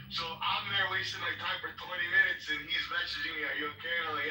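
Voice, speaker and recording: A man's voice: on the high side, brisk, hardly any pauses, distant mic, slight background noise. A man telling stories in a casual, rambling chat, swearing freely and acting out what people said. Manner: animated, profane, rambling storyteller. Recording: echoey room, voice off-mic.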